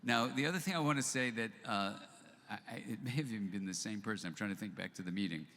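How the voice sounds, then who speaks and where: In an event hall, an older man tells an anecdote during a live talk, animatedly performing both sides of the dialogue. His voice is on the low side and quick, and the live recording has long reverb and faint noise.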